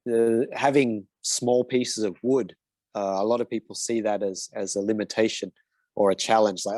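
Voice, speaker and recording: A man's voice: fairly low pitch, steady tone, moderate pace, darkish tone, no room sound. A man answering design questions as a mentor, in a casual and hesitant way with many fillers and restarts. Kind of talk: casual Q&A in an online session.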